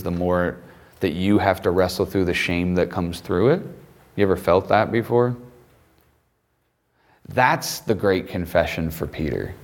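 Man preaching a lively sermon. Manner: animated, voices Peter in a high excited tone with laughs.

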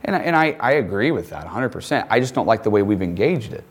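Animated man teaching a Bible lesson. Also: on the low side, fast talker, slightly rough. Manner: animated, acts out quoted lines in character voices. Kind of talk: classroom Bible lesson with text reading.

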